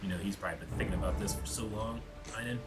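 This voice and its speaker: A young man co-hosting a casual reaction chat about a film, playful and quick to joke and laugh. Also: on the low side, fairly even intonation, over music. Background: film soundtrack playing.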